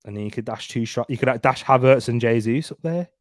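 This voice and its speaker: Here the young man running the live football watchalong talks quickly in a mid-range voice, bantering and laughing often as he chats through the match. The recording is dry and of studio quality.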